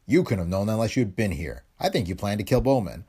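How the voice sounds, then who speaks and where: A man's voice: lowish voice, sing-song, fast, dark tone, husky, heavily acted. Man voicing a hard-boiled weary detective. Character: tough, weary male private detective. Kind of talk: audiobook character reading.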